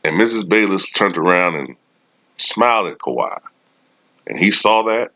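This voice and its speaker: A man's voice: low-pitched, animated, normal speed, pushed and bright, no echo. A man delivering a sarcastic, profane sports commentary rant. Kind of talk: casual ranting commentary. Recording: dull lo-fi dry recording.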